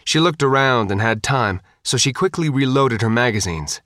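A man reading an audiobook with steady, scripted narration. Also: medium pitch, normal speed, no echo, studio quality.

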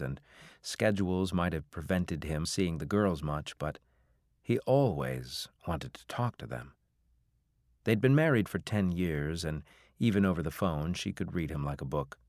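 A man reading a novel aloud as an audiobook narrator, in a measured, even way. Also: deep voice, dry recording, clean studio sound. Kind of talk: scripted narration.

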